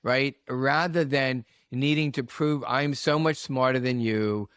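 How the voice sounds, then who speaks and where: A man who coaches, speaking as a podcast guest at a mid pitch. He tells stories in an animated way and acts out what people said. The recording is dry and close. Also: unhurried, smooth, dry recording. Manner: storytelling, animated, acts out quotes. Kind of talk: casual podcast conversation.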